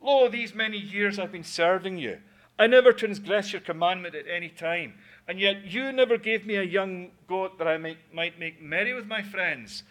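A preacher acting out a sulking jealous elder brother. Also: male voice, fairly high pitch, unhurried, hardly any pauses, sharp tone, heavily acted. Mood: indignant. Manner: petulant, indignant protest.

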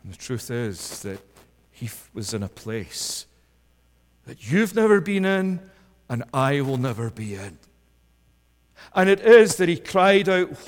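A man preaches with fervent intensity, his somewhat high voice rising to loud pleading cries before dropping low and quiet. His words ring out with a long reverb, as if filling a large church. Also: animated, slow pace. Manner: rises to impassioned, loud pleading then drops low and soft. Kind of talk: sermon.

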